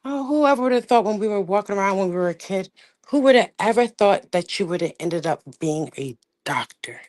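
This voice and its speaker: A woman's voice: mid-range voice, expressive, brisk, a little mellow, lightly acted. A woman mimicking a fake-sweet, coaxing woman caller in a sugary tone during her livestream rant.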